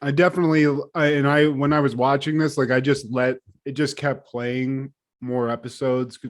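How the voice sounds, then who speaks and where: A man co-hosting a podcast in loose casual chat, retelling scenes in a profane, animated way. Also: medium pitch, normal speed. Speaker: podcast co-host.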